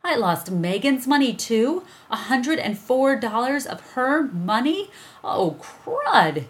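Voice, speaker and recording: A woman reading aloud, voicing a boy in a higher, louder voice. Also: lively intonation, normal speed, close to an everyday voice. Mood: dismayed. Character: boy, upset and excitable.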